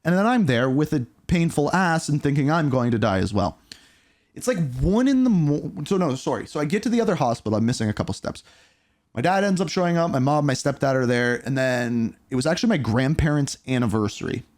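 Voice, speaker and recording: This is a man in his thirties telling a personal storytime vlog straight to the camera. His delivery is candid and blunt, with casual swearing. His pitch swings widely as he goes, and it sits at a middle height for a man. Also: fairly quick. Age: 30s. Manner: candid, animated storytelling with profanity. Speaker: YouTuber.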